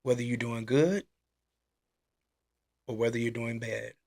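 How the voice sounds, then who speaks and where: A man hosting a casual church-style live talk. He is animated and exclaiming, and he repeats his questions. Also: medium pitch, measured pace, creaky. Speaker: host. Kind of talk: casual preaching live stream.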